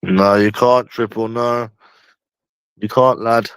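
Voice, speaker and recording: A man's voice: lowish voice, steady tone, clean tone, no room sound. Repetitive, rambling man with a London accent. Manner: rambling and repetitive, often slow and drawn out, with slang and swearing. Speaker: livestream host. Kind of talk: casual livestream chat.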